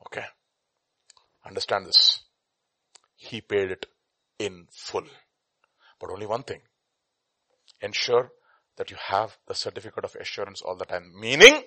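Animated preacher man. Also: fairly low pitch, unhurried, long pauses, slightly rough, no room sound. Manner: dramatic, acts out scenes with shouted voices. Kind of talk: animated sermon.

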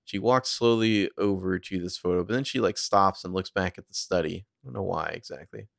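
A low, gravelly man chatting through an episode recap, walking through each scene and tossing off quick voices for the characters. The voice sits close and dry with no room sound around it, and there is a rough fry at the ends of his phrases. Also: no echo. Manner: narrates scenes and acts out character lines in a loose, chatty way. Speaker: podcast co-host recapping a TV episode. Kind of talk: casual recap chat.

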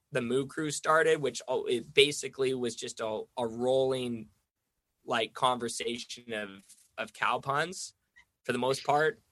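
A young man tells a rambling story in a relaxed, chatty way. He fills his talk with "like" and slips into quick impressions of other people. His voice sits mid-range and sounds close and dry, with little room sound. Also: medium pitch, no echo. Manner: rambling, says "like" constantly, acts out quoted voices. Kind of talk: casual storytelling chat.

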